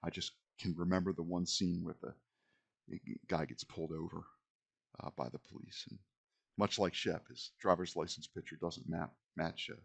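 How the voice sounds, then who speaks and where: A middle-aged man running a tabletop game as game master, rambling and wry in a relaxed way. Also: low voice, moderate pace, vocal fry, breathy edge, no echo. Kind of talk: tabletop game narration and chat.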